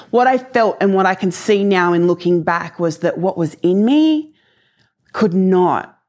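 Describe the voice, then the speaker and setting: A woman in her forties shares a personal faith testimony, telling it earnestly and with emotion as she sinks to hushed lows and climbs to excited highs.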